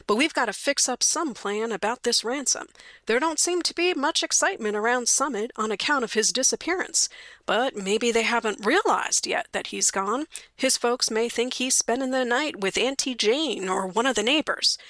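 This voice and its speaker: Woman reading a cool-headed outlaw man, folksy and dry, in her own bright tone. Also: on the high side, animated, normal speed, no room sound. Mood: wry. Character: wry grown male kidnapper, talky and cool.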